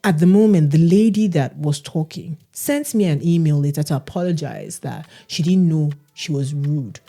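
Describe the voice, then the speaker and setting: A woman, co-hosting a casual podcast and telling stories in an animated way. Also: low voice, moderate pace. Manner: animated storytelling, mimics others' voices. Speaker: podcast co-host. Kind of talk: casual chat.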